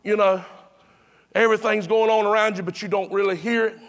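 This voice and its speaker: A man's voice: sits high, fairly even intonation, fairly quick, fairly bright tone. A pastor preaching to his congregation in a chatty, repetitive way, with emphatic restarts. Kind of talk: sermon.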